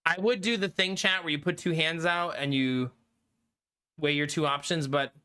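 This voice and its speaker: A man's voice: on the high side, moderate pace, bright, forceful tone, clean tone. A man in his thirties, a live streamer chatting casually and jokingly with his viewers, often breaking into giggles. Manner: giggly, joking, talks to chat.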